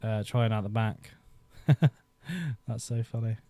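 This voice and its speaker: A man's voice: lowish voice, flat delivery, takes it slowly, dark tone, no echo. A man in his thirties chatting casually on a live stream, rambling and nostalgic, often laughing as he talks into a desk microphone. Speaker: YouTube host.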